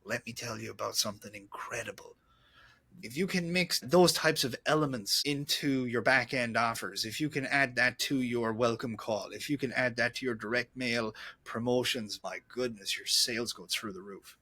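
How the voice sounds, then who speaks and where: A man from Ireland, co-hosting a podcast, chatting casually about business and telling lively anecdotes. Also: medium pitch, normal speed, few pauses. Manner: animated storyteller, mimics others in quotes. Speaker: podcast co-host.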